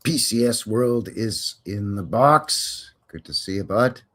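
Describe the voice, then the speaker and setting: Folksy husky-voiced man hosting a stream. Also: fairly low pitch, lively intonation, takes it slowly, a bit bright. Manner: folksy, rambling, joking, cowboy slang. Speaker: live stream host. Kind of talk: casual live stream chat.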